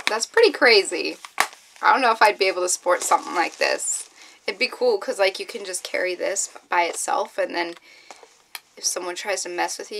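A young woman vlogger opening fan mail in casual chat, excitable and often gasping and squealing with delight. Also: mid-range voice, gravelly, a little hiss or hum.

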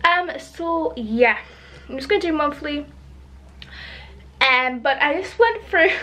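A woman's voice: high-pitched, a bit bright. A woman chatting in a bubbly, rambling way as a book vlogger. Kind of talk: chatty vlog.

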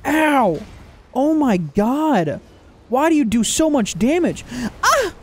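A man giving casual gameplay commentary, joking, swearing and reacting loudly to the game. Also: very high voice, big pitch swings, unhurried. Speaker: gaming video creator.

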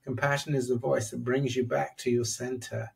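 Man, podcast guest, psychologist, animated storyteller, husky, gravelly. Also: medium pitch, normal speed, far from the mic. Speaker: psychologist guest, author on compassion.

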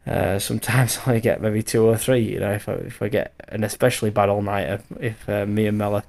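A tired tradesman in his thirties talks through his work in a loose, rambling voiceover, with plenty of fillers and the odd swear. His voice sits low and has a gravelly edge. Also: level tone, fast, darkish tone. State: tired from lack of sleep. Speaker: bricklayer vlogger. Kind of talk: casual voiceover commentary.

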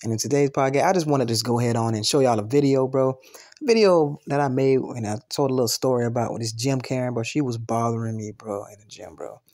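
A man's voice: mid-range voice, quick pace, a little mellow, no echo, clean studio sound. A man casually introducing his podcast in a laid-back, chatty way. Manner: laid-back, says "bro" a lot. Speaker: podcast host.

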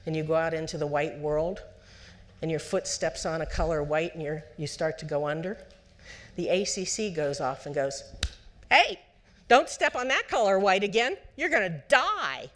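A woman psychologist giving a lecture to parents at a conference, lively and conversational, putting on the voices of parents and children and asking the audience questions. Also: low voice. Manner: asks the audience direct questions.

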